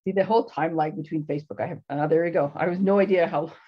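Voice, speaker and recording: A woman's voice: low voice, quick pace, slightly rough, highs cut off. A woman hosting a casual live craft demonstration from her home craft room, chatty and rambling, laughing often. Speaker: craft show host.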